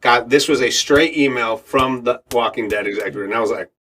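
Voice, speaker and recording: Speaking a little fast in a mid-range voice, this middle-aged man is an actor and radio host on a podcast as a guest. He tells his story with energy, taking on the voices of the people in it, and often breaks into laughter.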